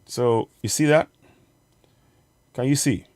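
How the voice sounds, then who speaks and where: A man hosting a political livestream, his voice pitched around the middle for a man. He hammers his points with repeated phrases and talks straight to the viewers. Every so often he breaks off to fumble with a clip on his screen. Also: darkish tone. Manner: urgent, repetitive, addresses viewers directly; pauses to fumble with on-screen media. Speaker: online show host.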